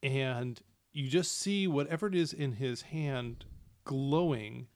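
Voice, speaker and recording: A man's voice: medium pitch, takes it slowly, dry recording, studio quality. A man narrating as game master for a tabletop game, hesitant with many fillers and restarts.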